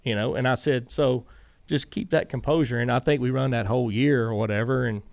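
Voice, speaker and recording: A middle-aged man with a Southern US drawl tells a string of stories as an interview guest. He keeps quoting himself and others as he goes, in a rough, gravelly voice. The recording is dry and close, with no room sound. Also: mid-range voice, fairly even intonation, fairly quick, darkish tone, no echo. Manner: rambling anecdotes, quoting himself and others with many "I said". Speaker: guest, former racing crew chief. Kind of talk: casual storytelling interview.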